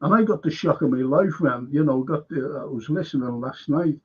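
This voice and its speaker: A man's voice: a little high, moderate pace, slightly rough. A man hosting a live stream, rambling emphatically, repeating himself and firing questions at his viewers. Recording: dull lo-fi stream audio.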